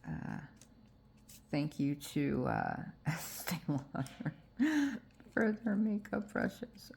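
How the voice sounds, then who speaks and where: Gravelly, stuffy-voiced woman crafting. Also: fairly low pitch, big pitch swings, very slow, darkish tone, slight background noise. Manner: chatty and self-deprecating, with frequent fillers. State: stuffy and low-voiced from allergies. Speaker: junk journal crafter. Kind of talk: casual crafting tutorial chat.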